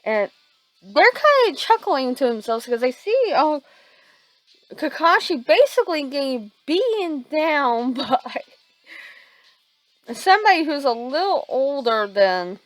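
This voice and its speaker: Halting woman telling a fan story. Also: high voice, no room sound, low-quality recording. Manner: halting, many restarts and fillers. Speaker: fan fiction narrator. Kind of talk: improvised story narration.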